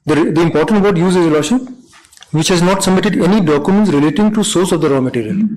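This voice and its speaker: A man, a government lawyer making halting, deferential submissions in court. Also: high-pitched, a little mellow, poor audio. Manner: deferential, halting, repeats "Lordship". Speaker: government counsel.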